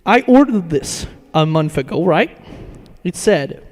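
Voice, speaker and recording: A man with a high-pitched voice rambles casually to his stream, swearing freely and laughing between thoughts. His voice carries a long, ringing reverb. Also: very animated, a little slow. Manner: rambling, profane, laughs often. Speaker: metal music streamer.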